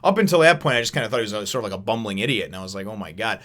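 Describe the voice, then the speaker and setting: A man's voice: fairly low pitch, expressive, racing, fairly bright tone. A man in his thirties hosting a casual review chat from home, enthusiastic and rambling, restarting his sentences and acting out quotes. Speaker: host of a comic review channel.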